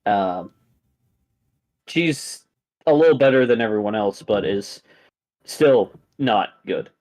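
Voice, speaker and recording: A man's voice: on the low side, lively intonation, a little mellow. A man narrating a tabletop game as game master, talking casually with fillers. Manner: casual, halting, with fillers and restarts.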